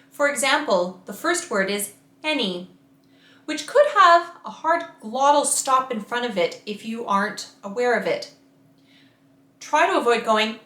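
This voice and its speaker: High-voiced woman coaching vocal warm-ups. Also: echoey room. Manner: slow, carefully enunciated instruction with sung demonstrations. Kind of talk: guided vocal warm-up lesson.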